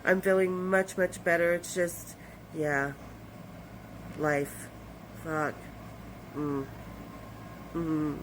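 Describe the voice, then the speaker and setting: A woman's voice: mid-range voice, a little hiss or hum, poor audio. An older woman in her sixties hosting her own podcast, chatting loosely to her viewers, rambling and swearing now and then. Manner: chatty and rambling, with swearing and bursts of brighter energy. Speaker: podcast host. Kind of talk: casual direct-to-camera chat.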